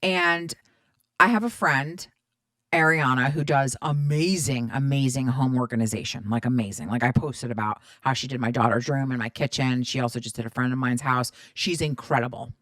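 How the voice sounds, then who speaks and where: A woman in her thirties hosts her own podcast, talking low and chatty as she swears freely and acts out both sides of her stories. The sound is dry and close, with no room around it. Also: steady tone, normal speed, fairly bright tone, dry recording. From Middle Eastern background. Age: 30s. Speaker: podcast host. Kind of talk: casual storytelling monologue.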